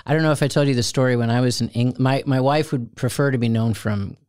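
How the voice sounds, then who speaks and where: A middle-aged man from Ohio, co-hosting a casual chat and telling stories with lively quoted voices. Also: medium pitch, quick pace, clean tone, no echo, clean studio sound. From Ohio, USA. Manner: animated storyteller, acts out quoted voices. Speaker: co-host.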